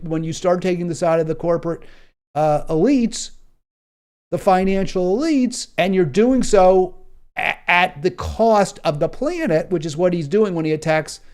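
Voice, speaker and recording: A man's voice: high voice, normal speed, a little mellow. A man with an American accent hosting a solo political commentary show, talking in an impassioned way with emphatic repetition and frequent fillers and restarts.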